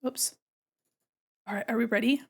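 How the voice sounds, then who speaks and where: A woman with a fairly high voice chats to her stream while drawing. She is playful and talkative, with lots of little "hold on"s and teasing asides to her viewers. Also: moderate pace, creaky, breathy edge. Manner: chatty and playful, talks to chat while working. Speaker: art streamer.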